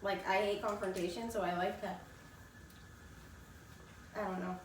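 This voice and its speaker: A woman's voice: medium pitch, fairly even intonation, unhurried, background noise. A young woman co-hosting a casual chat over a meal, talking between bites. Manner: chatty, talks while eating. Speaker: co-host. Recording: far from the mic in an echoey room with loud ambience.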